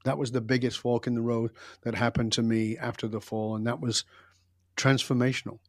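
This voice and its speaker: A man's voice: mid-range voice, flat delivery, fairly quick, dry recording, studio quality. An older man, a podcast guest, telling stories from his life in an emphatic, intense and blunt way. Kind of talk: reflective storytelling in an interview.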